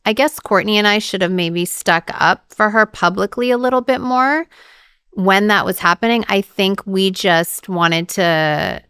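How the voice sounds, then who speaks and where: A woman's voice: medium pitch, a little slow, a bit bright, clean tone, dry recording, studio quality. A woman in her forties, a guest on an interview show, telling stories in casual chat with lots of "like" fillers and acted-out quotes. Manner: chatty storyteller, many "like" fillers, acts out quotes.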